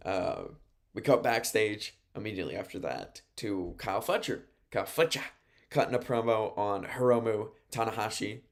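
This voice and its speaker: A young man hosts a laid-back sports show and reads through his notes on a wrestling event. His voice sits low with a gravelly, fry-laden edge. He talks in a loose, rambling way and chuckles at his own slip-ups. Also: normal speed. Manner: chatty, rambling, laughs at own note mistakes. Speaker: radio host. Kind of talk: casual wrestling recap from notes.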